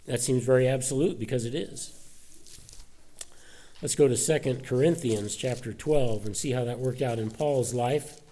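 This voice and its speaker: A man's voice: medium pitch, moderate pace, warm tone. A middle-aged man preaching a sermon, reading Bible verses aloud with rising force and then explaining them plainly. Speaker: pastor.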